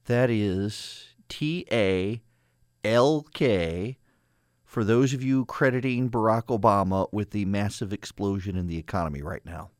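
A man hosting a talk radio show, sarcastic and animated, laughing at his own jokes. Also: on the low side, measured pace, no room sound, studio quality. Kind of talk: conservative talk radio monologue. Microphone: studio microphone.

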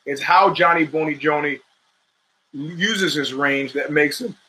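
Bright-voiced opinionated sports podcast host. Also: male voice, fairly high pitch, measured pace, low-quality recording. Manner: rambling, opinionated, restarts mid-sentence; profane, streetwise talk. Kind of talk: casual sports commentary monologue.

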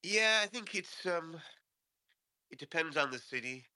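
A man, a guest founder, answering interview questions in a measured, thoughtful way with pauses. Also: a little high, animated, pushed and bright, no echo. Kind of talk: casual interview talk.

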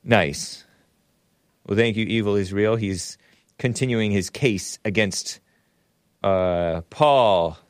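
A man's voice: fairly low pitch, slow pace, pauses often, dry recording, studio quality. A man hosting a livestream talk show, reading viewer messages aloud and chatting in a rambling, chuckling way. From United States.

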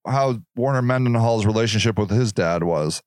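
A man's voice: lowish voice, normal speed, darkish tone, no room sound, studio quality. A man in his sixties hosting a podcast, ranting in a profane, sarcastic way and laughing at himself. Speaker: podcast host. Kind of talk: casual ranting monologue.

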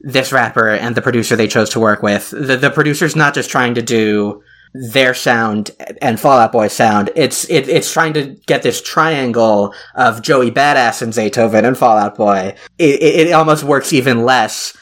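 A man hosts a casual podcast about an album, and he thinks out loud. He circles back and restarts his sentences, trailing off into fillers, at an average pitch. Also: moderate pace. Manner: rambling, many restarts and fillers. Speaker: podcast host. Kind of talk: casual music podcast chat.

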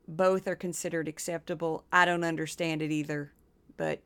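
A woman from Missouri hosting a podcast, talking casually with quick asides and then reading a scripted narration. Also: fairly low pitch, clean tone. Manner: chatty, quick asides, playful impressions. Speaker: podcast host.

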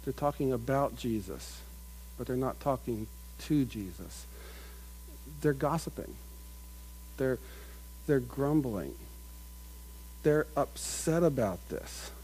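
A middle-aged man preaching a sermon in an earnest manner, building to loud emphatic peaks and dropping to quiet asides. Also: mid-range voice, animated, slow, long pauses, slight background noise, poor audio. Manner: earnest, builds up with rising emphasis, mimics crowd voices.

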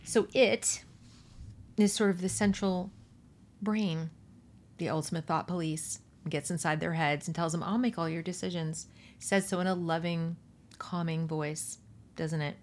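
A woman's voice: on the low side, steady tone, a little slow, pauses often. A woman host reading a novel aloud and then commenting with pointed rhetorical questions. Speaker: podcast host.

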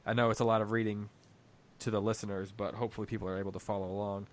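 A man's voice: fairly low pitch, little pitch movement, rapid-fire. A man hosting a book discussion podcast, reflectively thinking aloud about a story. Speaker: host.

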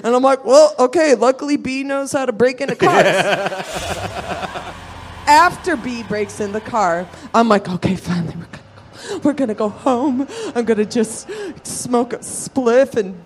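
A woman's voice: a little high, animated, unhurried, a little hiss or hum. A woman telling a rowdy, profane story at a live show, acting out her friends' voices as she goes. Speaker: storyteller guest.

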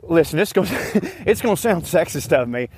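A man's voice: fairly high pitch, animated, a little fast, a little mellow, slight background noise. Winded man chatting on a walk. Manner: chatty, laid-back, joking. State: out of breath. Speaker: podcast host. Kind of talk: casual walking update. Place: outdoors on a walk. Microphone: phone mic instead of usual microphone.

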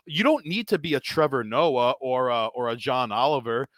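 An American man telling stories on a podcast, animated and profane, filling pauses with likes and ums. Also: medium pitch, no echo. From United States. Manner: animated storyteller, profane, many fillers. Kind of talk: casual conversation.

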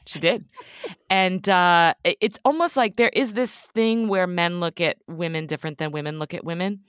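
A woman's voice: on the low side, moderate pace, smooth, dry recording, studio quality. A woman co-hosting a podcast, speaking frankly and joking in casual conversation. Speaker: podcast co-host.

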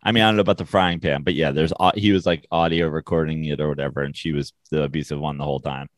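Deep-voiced sarcastic man on a podcast. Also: fairly even intonation, quick pace, dry recording. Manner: sarcastic, joking, does mocking voices. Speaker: podcast co-host. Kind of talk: casual sports podcast banter.

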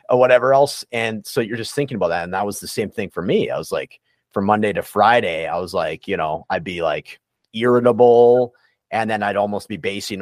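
A man's voice: low voice, animated, brisk, no room sound, studio quality. A man talking candidly and reflectively in a casual podcast interview, with many fillers and restarts. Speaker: recovery coach guest.

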